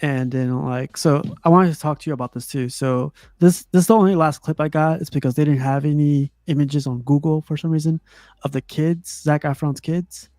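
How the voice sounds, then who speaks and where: A man hosting a casual movie review chat, talking loosely with plenty of "like" fillers and quick laughs. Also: fairly high pitch, steady tone, mellow, dry recording, clean studio sound. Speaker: host of a movie review show.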